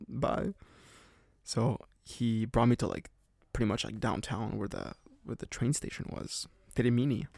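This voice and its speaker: A young man from Canada rambles through a casual podcast story, leaning on "like" constantly and laughing now and then. His voice is gravelly, recorded dry and close. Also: mid-range voice, mellow, no room sound. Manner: rambling, heavy on "like" fillers, laughs often. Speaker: podcast host.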